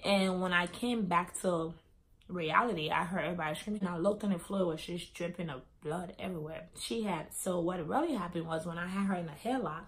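A woman's voice: fairly low pitch, a little fast. A young adult woman vlogger telling a personal story in a casual way, acting out the dialogue as she goes. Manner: animated, acts out quoted dialogue.

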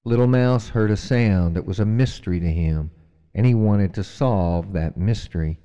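A man telling a traditional animal story and reflecting on its meaning, in a measured, reflective storytelling manner, with a long hall reverb. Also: lowish voice, mellow, smooth, muffled recording. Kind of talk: storytelling narration.

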